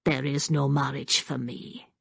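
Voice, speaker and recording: A woman voicing a proud, bitter young Highland woman with a Scottish accent, cold and brittle in manner. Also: level tone, measured pace, gravelly, fairly bright tone, husky, no room sound, full character voice.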